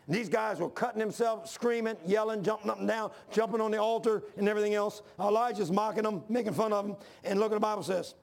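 A man preaching a fervent sermon, reading scripture aloud and rising to near shouts when worked up. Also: high-pitched, steady tone, fast talker, creaky, hardly any pauses. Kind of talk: fiery sermon.

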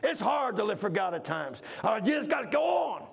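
High, gravelly fervent preacher man. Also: very animated, brisk. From Washington, D.C. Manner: fervent, often shouting; folksy, says "man" a lot. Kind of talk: sermon.

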